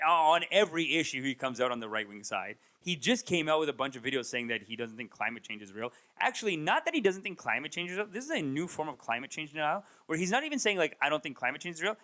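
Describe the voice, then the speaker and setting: A man in his thirties, a comedian, rambling through a casual comedic monologue and mocking people with raised, animated impressions. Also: fairly high pitch, fast. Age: 30s. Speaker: comedian and podcast host. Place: Toronto.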